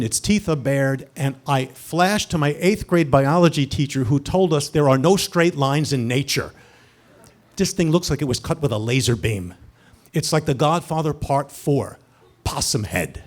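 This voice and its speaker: Man, storyteller, comic first-person tale, lively, hushed to loud, slightly high voice. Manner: animated, swings from hushed to loud.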